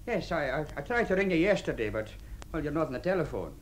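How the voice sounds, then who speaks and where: A man's voice: on the high side, very animated, fast talker. An actor in a radio drama playing an awkward workman who stammers and hesitates. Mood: flustered. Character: awkward flustered male workman. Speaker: the Plumber.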